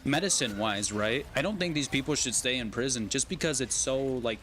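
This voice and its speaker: A man's voice: medium pitch, a little fast, fairly bright tone, slight background noise. A man streaming a video game, chatting casually and rambling, ending almost every phrase with "right?" or "you know what I mean?". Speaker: gaming streamer. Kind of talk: casual chat while gaming.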